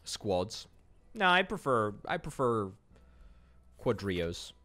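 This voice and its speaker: Lively Scottish man chatting on stream. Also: on the low side. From Scotland. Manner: chatty, answering viewer chat with quick joking replies. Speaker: game streamer. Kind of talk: casual livestream chat while gaming.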